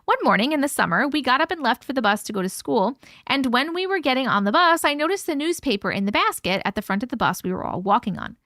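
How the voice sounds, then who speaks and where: A woman's voice: high voice, big pitch swings, fast talker, few pauses, bright, forceful tone, no echo, studio quality. A woman hosting a live stream, reading a viewer's story aloud and breaking in with chatty asides. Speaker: host reading viewer stories.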